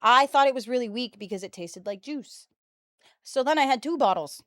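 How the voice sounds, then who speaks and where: A woman's voice: fairly high pitch, moderate pace, dry recording, studio quality. A woman of twenty-two, telling stories in casual, slangy chat to her stream viewers. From United States. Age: 22, early 20s. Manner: animated, chatty storyteller, slangy. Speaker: livestreamer.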